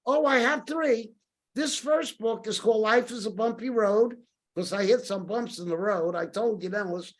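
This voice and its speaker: Older man, podcast guest, animated storytelling, acts out quoted voices. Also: sits high, normal speed.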